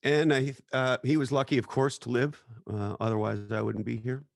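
A man's voice: medium pitch, fairly even intonation, moderate pace, vocal fry, no echo, studio quality. A middle-aged man speaking as a podcast guest, telling personal stories in an earnest, reflective way. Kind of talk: casual chat.

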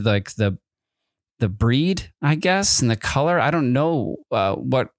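A man's voice: medium pitch, no room sound, clean studio sound. A man co-hosting a podcast in casual chat, rambling and hesitant with many fillers and restarts, with wry, amused asides. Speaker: podcast co-host.

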